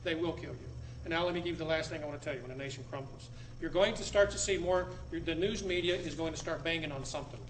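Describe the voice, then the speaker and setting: A man giving a public talk to a live audience in a room, emphatic, repeating words and swinging between loud and low. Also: a little hiss or hum. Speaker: speaker addressing an audience.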